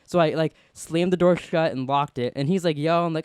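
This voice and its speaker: Fast-talking man telling a story. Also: fairly high pitch, clear, resonant tone, no room sound, studio quality. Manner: animated, acts out quoted voices. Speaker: podcast host. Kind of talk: casual storytelling.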